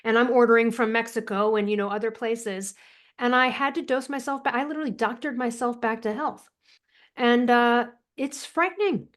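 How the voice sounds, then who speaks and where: Woman, podcast guest, animated, emphatic, slightly high pitch. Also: normal speed. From United States. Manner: animated, emphatic, swearing, laughing often. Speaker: author and thyroid coach, guest. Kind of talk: podcast interview.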